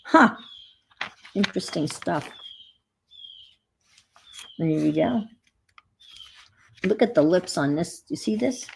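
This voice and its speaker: A woman's voice: fairly low pitch, lively intonation, slow pace, vocal fry, pauses often, a little hiss or hum. A woman hosting a casual live chat while crafting, rambling as she goes and greeting viewers by name. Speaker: craft livestream host.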